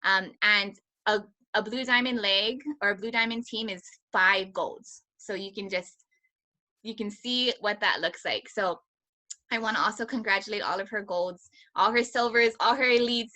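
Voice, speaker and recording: A woman from Hawaii hosting a team video call, excitedly introducing a guest and laughing easily. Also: mid-range voice, normal speed.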